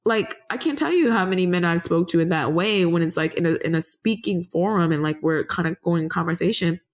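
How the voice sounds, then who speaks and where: A woman's voice: on the low side, fairly quick. Earnest woman talking in loose, meandering answers. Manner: earnest, meandering with frequent restarts; rises animatedly when making a point. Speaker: podcast guest. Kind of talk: conversational interview answers.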